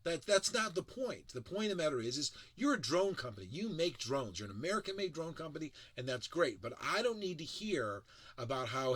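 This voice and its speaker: A man talks through tech products in casual, critical commentary, his voice bright and lively as it swings up and down. He is emphatic and sarcastic and often restarts mid-sentence. The sound is dry and close. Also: fairly high pitch, a little fast, no echo. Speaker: tech show reviewer.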